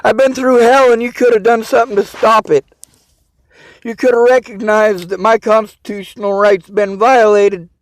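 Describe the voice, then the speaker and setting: A man with a very high voice delivers an angry personal rant. He swears freely and lashes out at the people he blames. The sound is dry and close, with no room echo. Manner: bitter, swearing, vents in outbursts. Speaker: vlogger.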